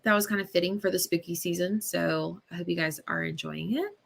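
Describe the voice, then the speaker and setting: A woman hosting a casual live reading stream, chatting slowly with many ums and soft laughs. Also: on the low side, vocal fry, breathy edge. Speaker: booktube host.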